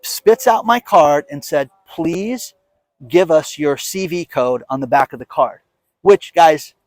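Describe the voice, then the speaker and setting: Animated man in his fifties. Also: on the high side, takes it slowly, dry recording. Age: 50s. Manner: animated storytelling, acting out quoted dialogue; indignant, emphatic. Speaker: show host. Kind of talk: casual monologue to camera.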